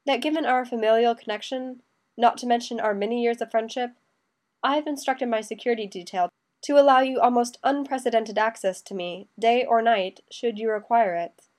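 A woman voicing a young male emperor who speaks slowly and measuredly with dry teasing. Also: a little high, a little mellow, close to an everyday voice. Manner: slow, measured, dryly teasing.

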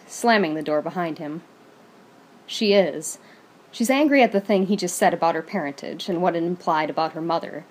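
Woman, fan fiction reader, steady storytelling, low-set voice. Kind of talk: reading fan fiction aloud.

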